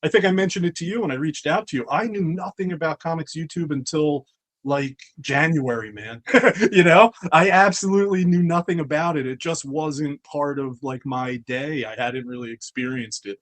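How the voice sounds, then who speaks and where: A man's voice: a little high, moderate pace, fairly bright tone. A middle-aged man, a comics publisher, chatting casually as an interview guest, telling a long story with many restarts and asides.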